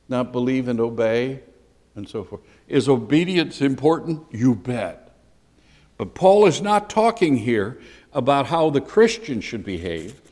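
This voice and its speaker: A man, a pastor, teaching a sermon in an animated, emphatic and conversational way. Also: mid-range voice, measured pace, long reverb tail.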